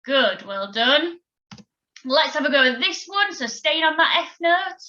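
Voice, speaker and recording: A woman teaching a recorded children's music lesson, giving clear, encouraging instructions and counting beats aloud. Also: sits high, lively intonation, measured pace, sharp tone, highs cut off. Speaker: primary school music teacher.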